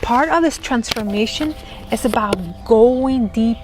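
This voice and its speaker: A woman giving an excited, gushing tarot reading, giggling as she talks. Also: on the high side, unhurried, music in the background. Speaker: tarot reader.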